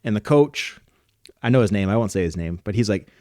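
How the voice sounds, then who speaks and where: Here a soccer coach and podcast co-host explains and demonstrates technique in an easygoing, instructional way. His lowish voice is expressive, dark in tone, and fairly quick, captured at studio quality without room sound.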